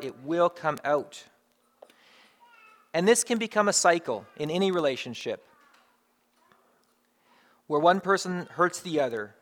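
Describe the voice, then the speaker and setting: A man's voice: a little high, fairly bright tone. Man preaching in a conversational sermon. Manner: conversational, builds through emphatic repetition. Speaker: pastor.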